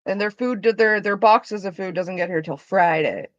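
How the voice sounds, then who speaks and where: A woman's voice: mid-range voice, moderate pace, no room sound, lo-fi sound. A woman chatting casually on a live stream, rambling and swearing through her asides.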